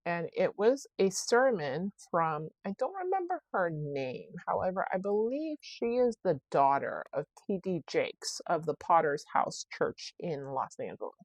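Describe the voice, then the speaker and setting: A podcast host muses alone about her week, rambling and frequently stopping to correct herself mid-sentence. Her lowish voice is sing-song and unhurried, yet she barely pauses, and the recording is dry.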